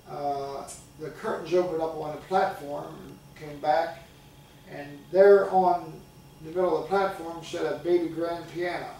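A man's voice: on the high side, gravelly, a little mellow, slight background noise. An older man preaching a sermon, telling stories in a folksy way and calling out to his congregation. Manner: folksy storytelling with call-outs to the congregation. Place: church sanctuary. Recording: echoey church recording from far off.

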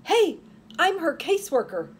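A woman's voice: extremely high pitch, very animated, normal speed, voice pushed up. Woman voicing an urgent female caseworker. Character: earnest female social caseworker.

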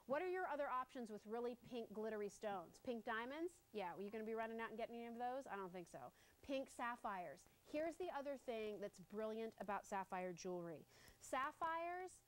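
Casting: excitable TV shopping host, woman, slightly high voice, gushing live sales pitch. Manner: gushing, excited selling with playful asides.

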